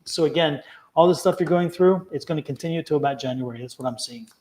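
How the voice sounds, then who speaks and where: Man, slightly high voice, tarot reader, earnest, encouraging, repetitive. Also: fast talker, darkish tone, a little hiss or hum. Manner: earnest, encouraging, repeats his advice. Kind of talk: live-stream tarot reading.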